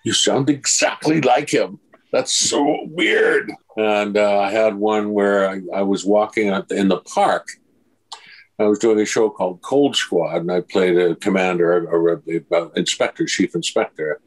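Interviewed on poor-quality audio, an older male actor speaks in a low voice at a moderate pace. He spins anecdotes with energy, performing the dialogue and chuckling as he goes.

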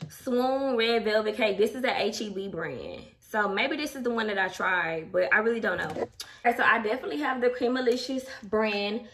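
Speaking at a moderate pace in a slightly high, somewhat bright voice, a young woman vlogger chats at home with her audience. She's open and emotional. The recording comes from a distant mic with a little background noise.

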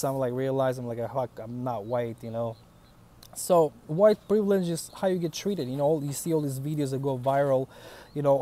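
A vlogger in his thirties talks to the camera in English with a foreign accent, his voice a little high and mellow. He's blunt and casual, swearing freely as he tells his stories.

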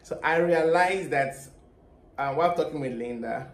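A woman's voice: low-pitched, moderate pace. Nigerian woman hosting her channel, laughs a lot, roomy echo. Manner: laughs often, chatty and upbeat. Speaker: YouTube host. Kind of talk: casual chat.

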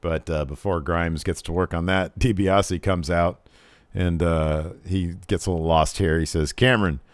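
A man with a fairly low voice recaps last night's wrestling in easy, casual chat. He gets animated, jumping into loud, over-the-top voices when he quotes the performers. The recording is dry and close. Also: unhurried, smooth, no echo. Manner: animated, jumps into loud exaggerated impressions when quoting wrestlers. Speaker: podcast co-host.

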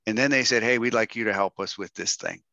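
Middle-aged man, storyteller speaker; low, bright voice, animated quotes; dry, muffled call audio. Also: fast talker, gravelly, no echo. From Texas. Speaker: guest speaker. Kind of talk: storytelling talk to a workshop audience.

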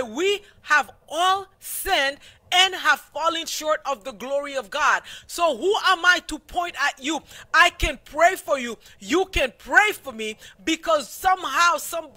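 Man, very high voice, piercing bright tone, Bible lesson teacher, preachy, lots of fillers. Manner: preachy, loose and repetitive, with many fillers. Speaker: Sabbath School teacher.

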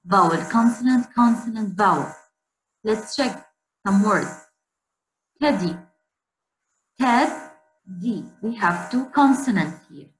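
A woman teacher giving a slow spelling lesson to children, repeating words so pupils can say them after her. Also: medium pitch, animated, faint music behind. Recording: echoey room with faint hum.

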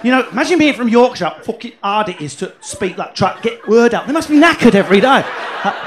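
A man doing a stand-up comedy set in a comedy club, brash and sweary, telling animated stories. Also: extremely high pitch, fast talker, noisy background.

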